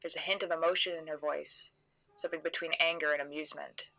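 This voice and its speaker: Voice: mid-range voice, steady tone, quick pace, gravelly, bright, forceful tone, lo-fi sound. A narrator telling a horror mystery podcast story in the first person, in a sardonic, sarcastic manner.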